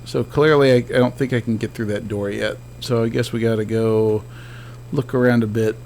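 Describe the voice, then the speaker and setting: Gravelly-voiced man streaming a game. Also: medium pitch, fairly even intonation, normal speed, a little mellow, slight background noise. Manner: chatty and joking, talks back to on-screen ghosts. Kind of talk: casual let's-play commentary.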